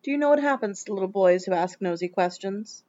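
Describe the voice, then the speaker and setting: A woman's voice: medium pitch, expressive, fairly quick, dark tone, highs cut off, lightly acted. A woman playing a dry, drawling demon man. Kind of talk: audiobook character reading.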